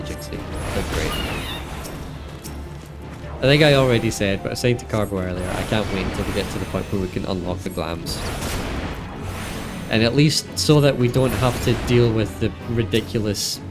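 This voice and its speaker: A man's voice: on the low side, moderate pace. A man giving casual, chatty commentary as he streams a game, upbeat and laughing at his own jokes. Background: video game music.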